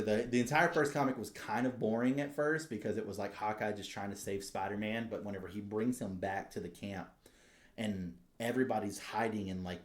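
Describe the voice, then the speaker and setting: A man co-hosting a podcast, telling stories in an excitable, profane casual chat. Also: on the low side, roomy sound. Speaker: podcast co-host.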